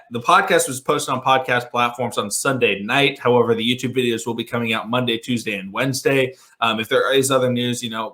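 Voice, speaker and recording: A man's voice: medium pitch, bright, forceful tone. A man hosting a casual sports podcast, upbeat and chatty with frequent ums and restarts. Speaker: podcast host.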